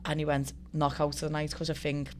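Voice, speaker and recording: Lively Scouse woman telling stories. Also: deep voice, a little fast, a little hiss or hum. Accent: Liverpool Scouse. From Liverpool, England. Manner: lively storyteller, swears freely, acts out quotes. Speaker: guest, professional fighter. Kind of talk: casual storytelling chat.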